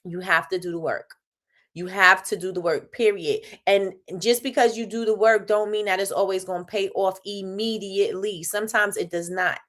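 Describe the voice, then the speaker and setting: A woman from New York talking straight to her livestream viewers, loud and animated. She laughs big and often and hammers her points home by repeating them. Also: medium pitch, normal speed. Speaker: livestream host. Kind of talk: motivational livestream talk.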